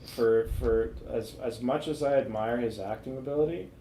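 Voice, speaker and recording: A man's voice: mid-range voice, moderate pace, mellow, roomy sound, slight background noise, low-quality recording. A man co-hosting a casual film chat, rambling and hunting for movie titles with lots of fillers. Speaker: co-host of a film review show. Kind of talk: casual chat over drinks.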